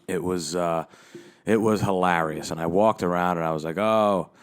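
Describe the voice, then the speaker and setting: A man's voice: deep voice, fairly even intonation, moderate pace. A male comedian and podcast host telling a story in a casual, rambling and profane way, speaking into a handheld microphone. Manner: rambling and profane, with frequent restarts.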